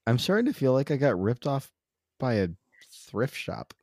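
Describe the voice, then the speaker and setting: A man co-hosting a casual podcast, reading dad jokes aloud in a halting, wry way. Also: medium pitch, big pitch swings, darkish tone, dry recording, studio quality. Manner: halting, self-interrupting, wry. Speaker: podcast co-host.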